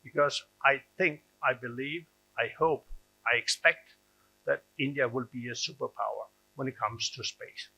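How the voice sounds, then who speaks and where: A man's voice: mid-range voice, gravelly, sharp tone, rough recording. An older man giving a conference speech as an ambassador, emphatic and repeating phrases for stress. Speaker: ambassador and panel speaker.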